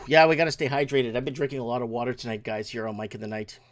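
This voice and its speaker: A man's voice: mid-range voice, fast talker. A man hosting his own late-night show, ranting angrily about an insurance office, swearing and restarting his sentences. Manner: angry, swearing, rambling with restarts. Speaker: show host. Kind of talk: casual livestream rant.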